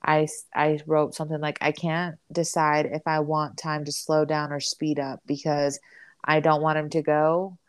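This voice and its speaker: A woman's voice: sits low, little pitch movement, moderate pace, clean tone, no echo. A young woman co-hosting a podcast, chatting casually with many fillers and restarts. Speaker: podcast co-host. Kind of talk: casual chat.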